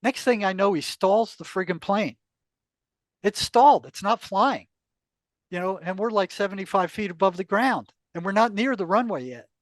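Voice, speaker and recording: Speaking at a moderate pace, an older male guest with a notably high voice delivers an animated personal story, performing the conversations he describes and laughing frequently. It's a casual storytelling interview, captured dry and close with no room around it.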